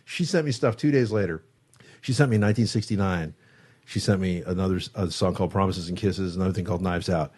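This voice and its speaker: A man with a fairly low voice tells a long story as a guest in a studio interview. He talks casually and swears often. He acts out what people said in the story. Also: fast. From San Francisco Bay Area. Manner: animated storyteller, acts out quotes, swears freely. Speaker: guest guitarist.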